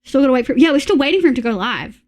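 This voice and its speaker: A woman with an Australian accent chatting casually with her live-stream audience, reading chat messages and making quick asides. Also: high voice, expressive, a little mellow.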